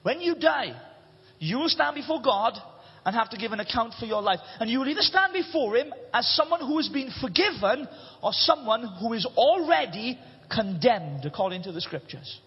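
A Welsh man preaching a sermon, impassioned, swinging between shouting and hushed delivery. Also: very high-pitched, big pitch swings, normal speed, breathy edge. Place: church hall. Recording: reverberant hall, dull lo-fi sound.

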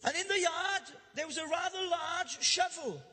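Man, pastor, lively comic sermon, bright tense voice, long church reverb. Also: very high-pitched, normal speed. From Wales. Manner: animated, jokey, builds to loud emphatic bursts. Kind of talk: humorous storytelling sermon. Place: church before a congregation. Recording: live church hall reverb.

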